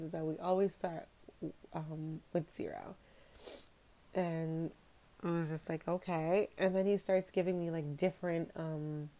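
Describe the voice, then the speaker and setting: A woman's voice: lowish voice, dark tone. A young adult woman hosting a podcast, telling a personal story candidly and acting out what others said. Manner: candid, reflective, quotes others in dialogue. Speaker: podcast host.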